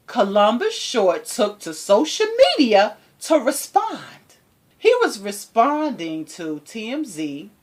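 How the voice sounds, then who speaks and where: Sassy, emphatic woman commentator. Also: medium pitch. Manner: sassy, emphatic, rhetorical questions to viewers. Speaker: commentary channel host. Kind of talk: opinionated commentary.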